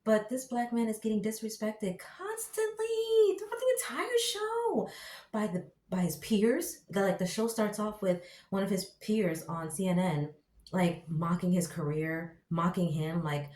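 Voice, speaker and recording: A woman reviewing a TV show in casual commentary, ranting in an exasperated, slangy and animated way. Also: on the low side, normal speed. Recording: echoey room.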